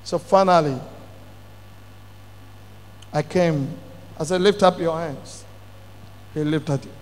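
Preacher guy, high voice, slow and dramatic, shouts now and then, big reverby hall. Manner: dramatic storytelling, bursts into shouts. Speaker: pastor. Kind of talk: sermon testimony.

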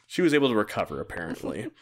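A man chatting casually as a podcast host, recapping a show and laughing often as he goes. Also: on the low side. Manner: chatty, laughs often, acts out quoted lines. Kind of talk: casual chat.

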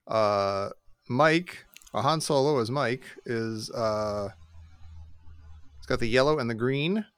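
A man's voice: medium pitch, takes it slowly, a bit bright, clean tone, no echo. Brief: man, podcast host, joking trivia game runner, dry close sound. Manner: joking, plays along as Luke. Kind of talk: casual banter, game narration.

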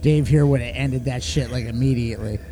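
A man's voice: mid-range voice, fairly quick, mellow, slight background noise. A man co-hosting a casual podcast, joking crudely and talking animatedly about films. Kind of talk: casual chat.

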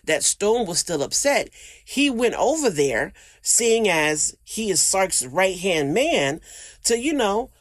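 Woman host, casual profane showbiz commentary, low-pitched, very dry close mic. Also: dry recording. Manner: blunt, profane, laughing asides. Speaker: entertainment news host. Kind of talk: casual celebrity gossip commentary.

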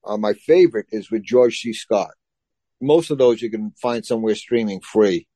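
A man's voice: fairly low pitch, normal speed, mellow, no echo. A man in casual chat, starting his sentences hesitantly with "uh".

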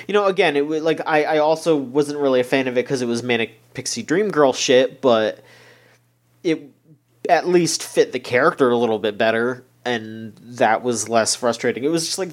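This is a young man in an unscripted podcast chat, his voice sitting at an ordinary middle pitch. He wanders through his thoughts, stopping and restarting often, with plenty of "like" and "you know.". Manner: rambling, hesitant, many fillers and restarts. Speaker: podcast co-host. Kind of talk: casual chat reviewing an anime.

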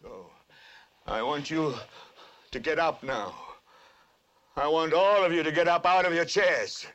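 A furious middle-aged TV newsman in a film, preaching straight down the lens and working himself up to shouts. His voice sits high for a man and rings bright and cutting. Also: a little slow, highs cut off. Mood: enraged. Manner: impassioned, preaching, rising to shouts. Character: furious middle-aged male TV anchor ranting on air. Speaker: television news anchor. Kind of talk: film acting.

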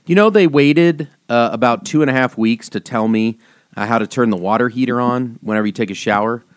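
A man's voice: mid-range voice, brisk, clean tone, no echo, studio quality. A man in his thirties, a priest co-hosting a podcast, telling rambling anecdotes full of fillers and restarts. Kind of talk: casual podcast chat.

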